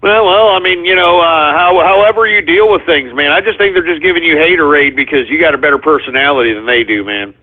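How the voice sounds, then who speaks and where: A man hosting a call-in radio show with a fairly high voice. He rambles, circling back with fillers and restarts, and the sound is thin and phone-like. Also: quick pace, hardly any pauses.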